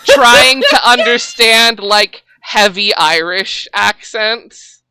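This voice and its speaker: Slow, bright-voiced game master. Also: medium pitch, smooth, no room sound. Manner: chatty, many fillers. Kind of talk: narrating a tabletop horror game.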